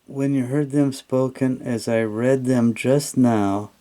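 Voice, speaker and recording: Slow, mellow-voiced man tutoring English. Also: mid-range voice, fairly even intonation. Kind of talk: reading aloud and explaining.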